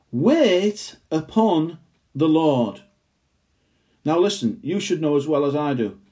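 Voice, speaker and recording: Earnest man preaching, mellow voice. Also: a little high. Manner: earnest, emphatic, slows down on key phrases. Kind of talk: sermon.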